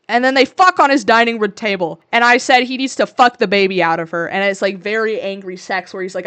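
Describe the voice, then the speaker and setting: A woman's voice: medium pitch, fairly quick, few pauses, a bit bright, clean tone. A young woman in her twenties co-hosting a podcast, recapping a movie in a crude, sarcastic rant full of swearing. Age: 20s. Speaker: podcast co-host. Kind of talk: casual ranting movie recap.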